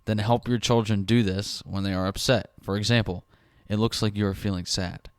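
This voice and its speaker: Brief: lower-voiced New guy, crude and jokey podcast co-host, dry close sound. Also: fairly even intonation, normal speed, smooth, no echo. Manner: crude, laughing, reads text aloud. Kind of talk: casual chat reading parenting tips.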